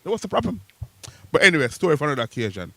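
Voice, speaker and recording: A man, co-hosting a casual online radio show and sending playful, argumentative shout-outs. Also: on the high side, big pitch swings, very fast, dry recording. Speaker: co-host and DJ.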